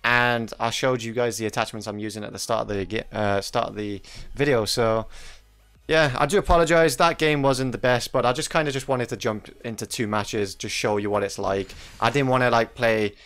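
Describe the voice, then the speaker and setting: A man's voice: medium pitch, fairly even intonation, moderate pace, a bit bright. Chatty young man commenting on gameplay. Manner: chatty, jokey, laughs often at teammates and enemies. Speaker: mobile gaming YouTuber. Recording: music playing faintly behind.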